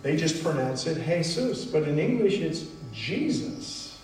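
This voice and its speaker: A man preaching a sermon as pastor, unhurried and emphatic with long pauses. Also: fairly high pitch, animated, warm tone, a little hiss or hum. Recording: echoey hall, mic at a distance.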